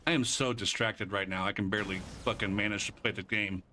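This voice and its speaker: Bright-voiced man bantering with chat. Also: on the low side, steady tone, brisk, a little hiss or hum. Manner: swears casually. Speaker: streamer. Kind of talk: casual live-stream chat while gaming.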